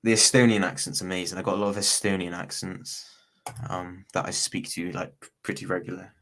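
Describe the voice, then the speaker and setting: Low-voiced chatty man from Bristol. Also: fairly even intonation, brisk, a bit bright. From Bristol, England. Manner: rambling, chatty, slangy with frequent restarts. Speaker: livestream guest. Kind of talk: casual chat.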